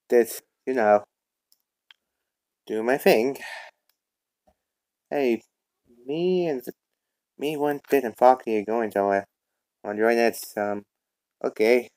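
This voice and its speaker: A young man dubbing a fan comic and reading every part himself, with stumbling, halting lines and many restarts. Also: medium pitch, a little mellow, no room sound. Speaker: voice actor doing all the parts.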